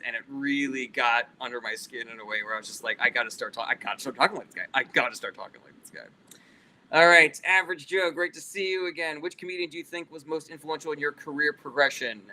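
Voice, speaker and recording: A man's voice: medium pitch, bright, forceful tone, a little hiss or hum, rough recording. A male comedian casually answering live chat questions, loose and profane, reading each question aloud before he answers.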